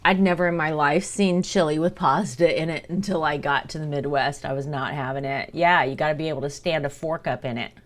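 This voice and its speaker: Woman streamer, casual chat, slightly low voice, talks between bites. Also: fairly even intonation, fairly quick, few pauses. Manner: chatty, talks to chat while eating. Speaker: livestreamer.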